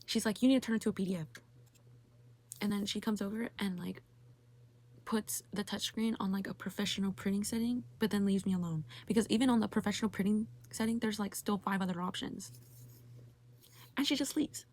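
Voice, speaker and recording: A young woman vlogger with a mid-range, darkish voice rants briskly about something frustrating in a casual vlog. She sounds exasperated, leans heavily on "like," and swears.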